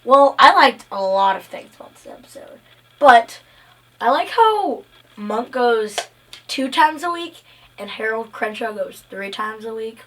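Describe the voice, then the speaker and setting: A woman's voice: fairly high pitch, sing-song, a little slow, fairly bright tone, distant mic. A young woman co-hosting a podcast, chatting casually and playfully with frequent giggles. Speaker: podcast co-host. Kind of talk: casual chat.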